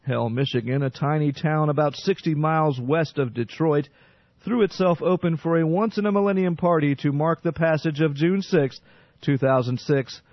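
A man reading the news on radio in a steady, formal, scripted delivery. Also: fairly high pitch, no room sound. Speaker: radio newsreader. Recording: dry, slightly muffled radio.

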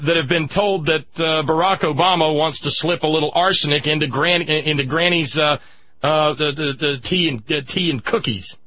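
A man giving impassioned political commentary, sarcastic and indignant, rising to shouts. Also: fairly high pitch, muffled recording, a little hiss or hum.

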